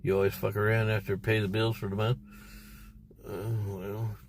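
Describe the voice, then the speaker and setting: A man's voice: lowish voice, level tone, normal speed, background noise. A man telling a rambling, profane story on a casual livestream from inside his car. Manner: profane, rambling and irritated, heavy swearing. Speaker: livestream host.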